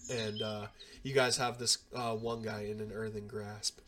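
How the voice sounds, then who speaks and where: A man's voice: on the low side, little pitch movement, a little slow, noisy background. A laid-back male game master. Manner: casual, laughing, swears freely. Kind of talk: narrating a tabletop game.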